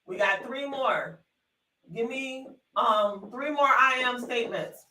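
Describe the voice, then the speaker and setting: Woman, bright forceful tone, folksy y'all talk, encouraging workshop host, desk mic. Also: on the high side, fairly even intonation, slow pace, recorded from a distance, rough recording. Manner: chatty, encouraging, calls viewers honey and sugar; folksy, uses y'all often. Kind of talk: live online workshop. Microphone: desk microphone.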